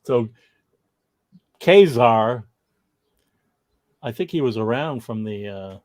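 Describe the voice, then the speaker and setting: A man's voice: lowish voice, animated, normal speed, darkish tone. A man co-hosting a casual comics history livestream, rambling and laughing as he reads viewer comments aloud.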